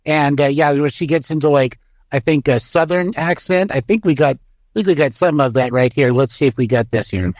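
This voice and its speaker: A man hosting a casual political talk show, agreeable and quick to chime in with assent. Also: on the high side, darkish tone. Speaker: show host.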